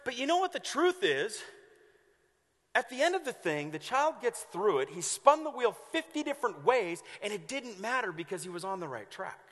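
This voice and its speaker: High, bright-voiced man preaching a sermon. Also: moderate pace, big-room sound. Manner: animated storytelling with acted-out voices. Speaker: pastor.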